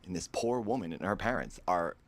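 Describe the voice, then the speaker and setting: A man's voice: deep voice, animated, fairly quick. A man telling a personal story in a vlog, in a somber, earnest way.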